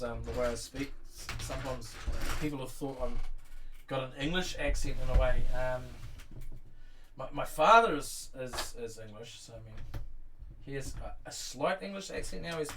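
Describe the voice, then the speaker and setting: A man's voice: medium pitch, a bit bright, recorded from a distance, a little hiss or hum. A man with a New Zealand accent chatting casually on a live stream, rambling with lots of fillers and restarts while he reads and answers chat. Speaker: Lego streamer. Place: home room full of Lego sets.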